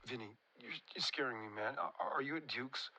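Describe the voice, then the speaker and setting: A man's voice: mid-range voice, a little fast, crowd noise, close to an everyday voice, rough recording. An actor playing an anxious young man who urgently pleads with a friend to answer the phone, in a video game. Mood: worried. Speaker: game character.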